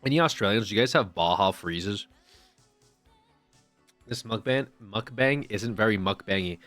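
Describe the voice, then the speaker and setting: Male streamer, lowish voice, casual rambling banter, swears a lot, faint music behind. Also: normal speed, fairly bright tone, dry recording. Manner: rambling, profane, joking banter with chat. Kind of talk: casual live-stream chat.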